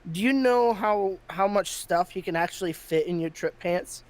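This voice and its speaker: A man's voice: high-pitched, moderate pace, darkish tone. A man hosting a podcast, telling a story in casual chat and getting heated, with plenty of swearing. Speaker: podcast host.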